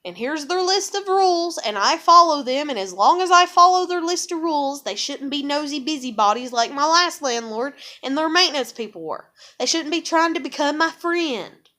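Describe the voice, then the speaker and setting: A woman's voice: high voice, expressive, normal speed, bright, forceful tone. A woman venting angrily to the camera, repeating herself and swearing heavily. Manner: angry, repetitive, swears heavily. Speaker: vlogger. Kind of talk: profane venting monologue.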